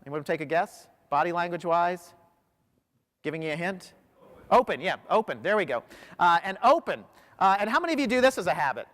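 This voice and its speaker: A high-pitched man gives an animated keynote talk, telling stories and firing questions at a big crowd. His voice rings out with a long hall reverb behind it. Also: brisk. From United States. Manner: animated storyteller, quizzes the audience. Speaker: professional speaker. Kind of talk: motivational keynote talk to a large audience. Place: large hall.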